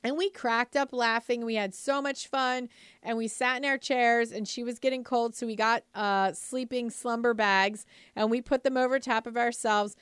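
A woman's voice: on the high side, fairly even intonation, normal speed, a bit bright, smooth, no echo, clean studio sound. A woman giving a casual, upbeat motivational talk to moms, chatty and full of "like" and "you know", often asking the listener rhetorical questions. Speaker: lifestyle speaker addressing moms.

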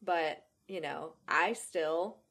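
A woman's voice: deep voice, slow pace, fairly bright tone, breathy edge. A woman fitness coach in a casual podcast chat, earnest and agreeable, chiming in with short affirmations.

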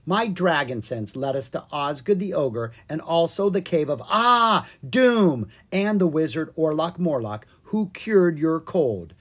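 A reader voicing a bold, cheerful young girl dragon in a children's storybook, speaking in a bright, excited way. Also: medium pitch, a little slow, hardly any pauses, husky, pitched above the performer's own voice, full character voice. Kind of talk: storybook character voice.

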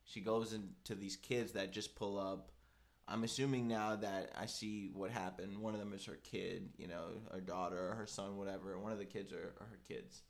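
A young man casually tells a story in an animated way, packed with fillers, acting out the voices of the people he quotes. His voice is on the low side, at a normal speed.

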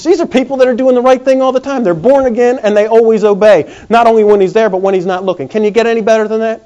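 A man preaching a sermon in a folksy, animated way. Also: sits high. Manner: folksy, animated, acts out quick comic voices. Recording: dull lo-fi recording.

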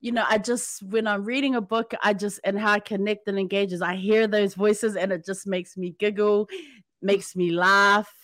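A woman's voice: medium pitch, fairly even intonation, normal speed, dry recording, studio quality. A woman hosting a podcast, chatting casually and enthusiastically with a guest. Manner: warm, enthusiastic, frequent affirming "mm". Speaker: podcast host. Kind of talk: casual interview chat.

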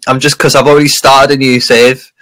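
A man's voice: mid-range voice, level tone, brisk, fairly bright tone, low-quality recording. Guy rambling on a podcast, laughs a lot, middle voice. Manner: rambling, laughing often, trails off and restarts. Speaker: podcast co-host. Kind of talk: casual chat.

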